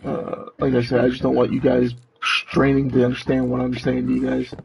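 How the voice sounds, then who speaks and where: A man's voice: mid-range voice, monotone, a little fast, creaky, slightly rough. A male streamer speaking through a demon robot voice changer, chatting to his viewers as he narrates building in a game, with his mic set back from his face. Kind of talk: live gameplay commentary. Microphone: mic pulled back from face.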